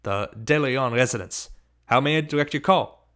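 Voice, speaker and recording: A timid, nerdy teenage boy, as a male audiobook reader voices him. He speaks softly and hesitantly, as if afraid to upset anyone. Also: mid-range voice, moderate pace, close to an everyday voice. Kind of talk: audiobook character reading.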